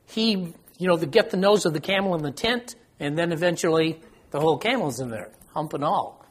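An older man runs a casual Bible study, chatting with the group, quizzing them, and poking fun at his own memory. His voice sits on the high side with lively intonation, a slightly quick pace, and a touch of roughness.

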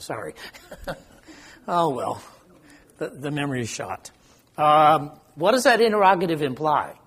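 A man's voice: fairly high pitch, animated, measured pace, long pauses, a bit bright, breathy edge. An older man leading an informal Bible study, talking conversationally, quizzing the group and joking about his own memory. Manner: conversational, asks the group questions, self-deprecating.

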